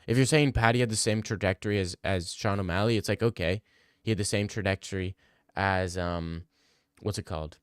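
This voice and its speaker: A man's voice: sits low, a little fast, clear, resonant tone, dry recording, studio quality. A man hosting a casual livestream Q&A, arguing bluntly with chat and swearing freely. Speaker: livestream host answering chat.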